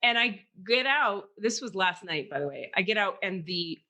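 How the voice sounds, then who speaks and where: Casting woman podcast co-host, lively storyteller who acts out quotes. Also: medium pitch, normal speed. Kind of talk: casual chat.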